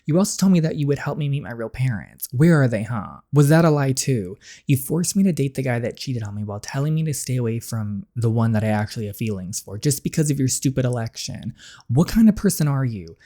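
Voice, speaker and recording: Resentful teen girl in a story game, bitter and defiant, dark warm tone, read by a player. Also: mid-range voice, animated, brisk, close to an everyday voice. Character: angry teenage girl, resentful of her father. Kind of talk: reading a story game aloud.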